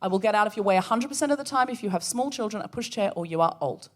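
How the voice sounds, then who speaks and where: A woman co-hosting a comedy podcast, telling a story with animated energy and acting out the voices she quotes. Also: mid-range voice, rapid-fire. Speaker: podcast co-host. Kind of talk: comic storytelling before a live audience.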